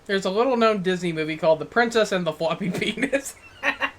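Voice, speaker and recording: A man's voice: high voice, expressive, fairly quick, heavy background noise. A man chatting casually and laughing often while playing a party card game with friends. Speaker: player.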